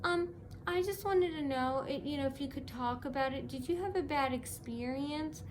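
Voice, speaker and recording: Woman doing a faltering older office lady, soft and halting, slightly high. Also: a little hiss or hum, natural voice. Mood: hesitant. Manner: halting, stammering, soft-spoken.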